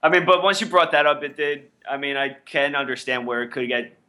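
A man's voice: fairly high pitch, a little fast, sharp tone. A man co-hosting a casual podcast, teasing and arguing with his co-host. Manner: teasing, argumentative.

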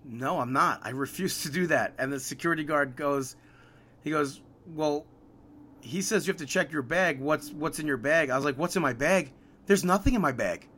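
A New man tells a venue story on his podcast, his voice sitting a little high. He acts out both sides of the argument and grows more and more irritated. It is a casual, chatty retelling. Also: normal speed, a little hiss or hum. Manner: animated, exasperated retelling with quoted dialogue. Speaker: podcast co-host.

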